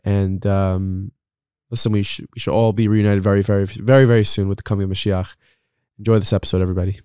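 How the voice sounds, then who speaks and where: Low smooth-voiced male podcast host. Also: flat delivery, fast, darkish tone. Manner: chatty, many fillers and restarts. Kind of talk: casual interview chat.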